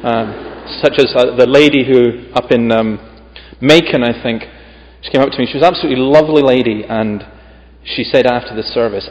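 A man's voice: mid-range voice, a little fast. Brief: male Scottish preacher, emphatic reader, friendly asides, long church reverb, muffled lo-fi sound. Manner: emphatic scripture reading with chatty humorous asides. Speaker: visiting preacher. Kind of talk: sermon.

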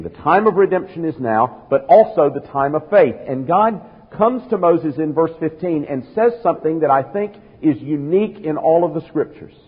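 A man preaching an expository sermon, measured and emphatic, slowing down to stress key phrases. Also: fairly high pitch, slightly rough. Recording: tinny phone-like sound, long hall reverb.

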